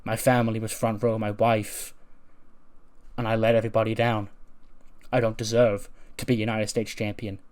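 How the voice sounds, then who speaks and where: A man's voice: fairly low pitch, flat delivery, moderate pace, long pauses, a little mellow, clean tone, natural voice. A man voicing a self-doubting male pro wrestler who speaks in a defensive, downcast way in a game storyline. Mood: defeated.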